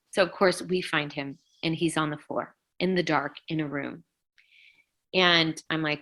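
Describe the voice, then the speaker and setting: A woman's voice: low voice, steady tone, moderate pace, a bit bright, rough recording. A middle-aged woman, a rock singer, telling an emotional story in an interview and acting out what people said. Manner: vivid retelling, acting out quotes, many "like"s. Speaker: rock vocalist, interview guest.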